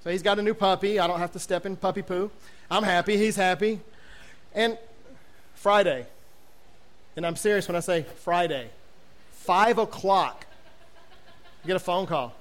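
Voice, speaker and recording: Man, high voice, humorous sermon, lively storytelling, mimics quoted voices. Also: normal speed, long pauses. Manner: animated, self-mocking storyteller who acts out quoted voices. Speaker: youth pastor.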